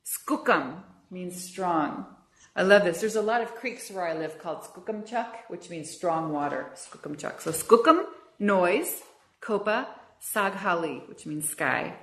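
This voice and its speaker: A woman's voice: lowish voice, animated, a little slow. An American woman giving a public lecture, chatty and enthusiastic, repeating words for her audience. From USA. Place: lecture room. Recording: roomy lecture hall.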